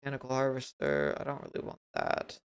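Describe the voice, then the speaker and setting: A man talks through his game on a livestream, rambling and poking fun at himself as he works things out. His voice has a gravelly, creaky texture, yet it stays smooth and clear on his desk mic. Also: medium pitch, sing-song, fairly quick. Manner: thinks aloud, rambling and self-mocking. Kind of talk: casual gameplay commentary. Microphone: desk mic with noise gate.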